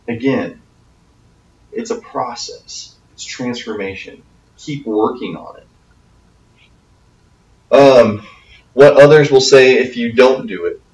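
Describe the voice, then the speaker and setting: A man's voice: mid-range voice, darkish tone, highs cut off. A man as youth pastor giving a conversational talk to teens, often checking in with "okay?". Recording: echoey room, from a distance.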